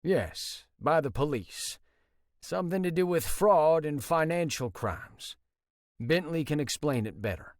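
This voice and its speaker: A man's voice: on the high side, animated, unhurried, no room sound, studio quality, pitched above the performer's own voice. A male audiobook narrator voicing a worried middle-aged father who explains things in an earnest, level way. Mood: concerned.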